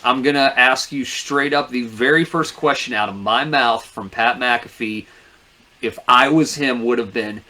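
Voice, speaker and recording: Man, middle pitch, podcast co-host, opinionated, blunt, casual swearing. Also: measured pace, pushed and bright. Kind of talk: casual chat.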